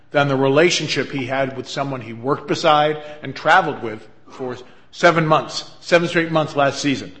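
Male pastor, earnest storyteller, bright and forceful tone. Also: fairly high pitch. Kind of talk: sermon.

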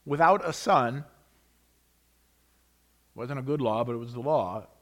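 A man preaching a sermon, swinging between loud emphasis and hushed whispers, reading scripture with rising excitement. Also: medium pitch, measured pace.

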